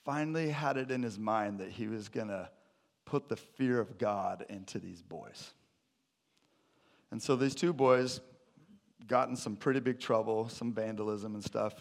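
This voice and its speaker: A man preaching a sermon, opening with a funny story before teaching on scripture. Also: fairly low pitch. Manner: storytelling with a joke, then teaching. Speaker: pastor.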